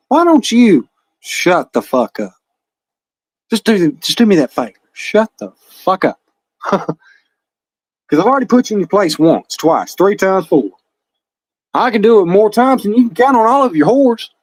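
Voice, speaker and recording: Man, high voice, dry close sound, profane taunting livestream rant. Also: no echo, low-quality recording. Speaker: livestream host.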